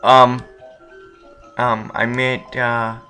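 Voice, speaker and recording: A man's voice: medium pitch, level tone, extremely slow, bright, forceful tone. Goofy young man narrating a game. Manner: goofy, jokey, talks to the game characters. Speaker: let's play gamer. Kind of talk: casual game commentary. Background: game music.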